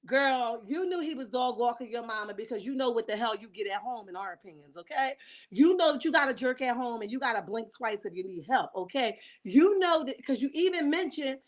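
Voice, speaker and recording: Sassy high-voiced woman host. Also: fairly quick. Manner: sassy, animated, talks to her chat. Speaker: commentary host. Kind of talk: casual reality TV commentary.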